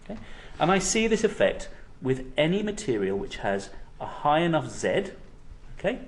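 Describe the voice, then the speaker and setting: A man's voice: on the high side, very animated, normal speed, a little hiss or hum. A man lecturing on physics to university students, explaining step by step and often checking in with "okay?".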